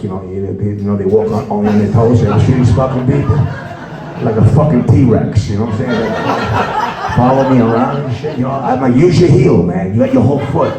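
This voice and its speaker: Rambling profane New comic, echoey club. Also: male voice, medium pitch. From New York. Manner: rambling, profane, peppered with "you know". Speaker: stand-up comedian. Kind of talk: stand-up comedy set. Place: comedy club with a live audience. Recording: echoey club with loud crowd.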